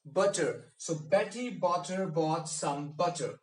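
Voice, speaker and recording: A man speech coach giving a pronunciation lesson, repeating and drilling each word with deliberate emphasis. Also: high-pitched, animated, distant mic. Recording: echoey room, mic set back.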